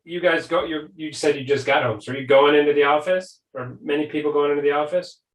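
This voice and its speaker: A man's voice: on the high side, steady tone. Male podcast host, chatty, friendly, roomy echo, mic a bit far. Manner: friendly, chatty, quick follow-up questions. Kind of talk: casual interview talk. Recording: echoey room, distant mic.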